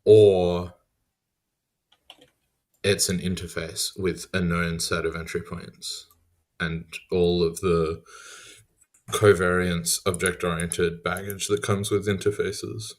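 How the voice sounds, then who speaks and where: A man in a casual technical chat, giving slow, measured explanations with fillers. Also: low-pitched, little pitch movement. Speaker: co-programmer.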